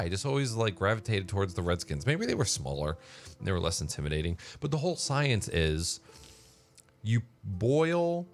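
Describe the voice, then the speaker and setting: A man with a very deep voice talks through a casual solo vlog, rambling loosely and leaning on filler words. Faint music sits quietly in the background. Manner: rambling, conversational, with many "like"s and fillers. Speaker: vlogger.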